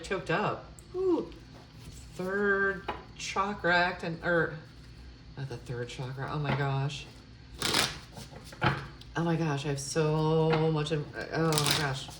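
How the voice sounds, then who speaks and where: A woman reads tarot cards to camera at an unhurried, drawn-out pace, her voice sitting a little low. She muses hesitantly, then gushes with effusive delight. The sound is roomy and echoey, with a faint hum of room ambience behind her. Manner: effusive, gushing exclamations; intuitive, musing with hesitant fillers. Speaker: tarot reader. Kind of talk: tarot love reading to camera.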